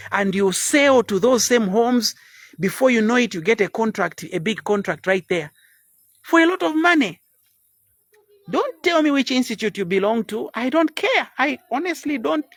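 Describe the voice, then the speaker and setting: A man in his fifties giving a blunt, preachy motivational talk live online, dropping now and then into quiet asides. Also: very high voice, no room sound. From Zambia. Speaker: motivational speaker.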